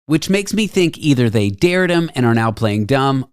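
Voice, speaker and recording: A man's voice: medium pitch, sing-song, normal speed, hardly any pauses, clear, resonant tone, dry recording. A man hosting a radio talk show, delivering a sarcastic, jokey news monologue into a studio microphone.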